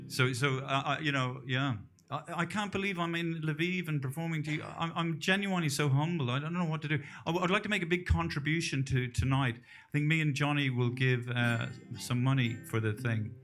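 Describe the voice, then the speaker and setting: A man's voice: medium pitch, a little fast, few pauses, music in the background. A middle-aged Irish man doing a rambling, self-deprecating stand-up set on a club stage, often trailing off into mumbles. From Ireland. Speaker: stand-up comedian.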